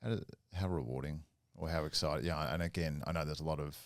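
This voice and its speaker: Very deep-voiced man asking rambling questions. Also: fast talker, no echo, studio quality. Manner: rambling questions with many fillers. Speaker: podcast host. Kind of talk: podcast interview.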